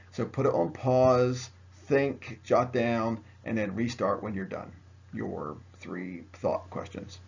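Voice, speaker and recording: In a recorded video lecture, a man with a fairly low, creaky voice teaches history, chatting, joking, and addressing his students directly. The audio has its highs cut off.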